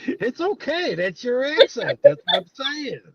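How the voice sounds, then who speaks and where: A man's voice: very high voice, sing-song, unhurried, a crowd in the background. Teasing man on a muffled call line. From northern US. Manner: teasing, chuckling. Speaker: caller on a live show. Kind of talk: casual call-in chat.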